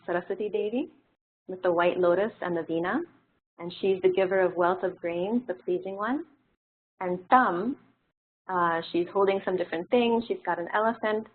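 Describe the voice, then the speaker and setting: A woman teaching a classroom lesson in a relaxed, explanatory way, pausing on frequent fillers. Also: on the low side, a little hiss or hum. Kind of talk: classroom lecture. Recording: tinny phone-like audio.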